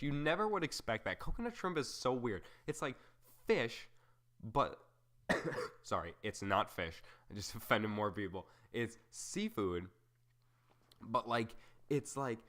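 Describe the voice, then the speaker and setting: A young man hosts a solo podcast in a mid-range, sing-song voice that's a little slow and fairly bright. He rambles casually through tangents, full of fillers, and jokes at his own expense.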